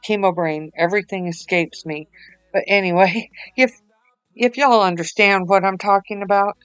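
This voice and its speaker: A woman's voice: low voice, clean tone, dry recording, dull audio. A tired woman, rambling chattily with lots of fillers as she talks through a craft project. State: tired, yawning. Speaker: craft vlogger. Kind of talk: casual voice-over while crafting.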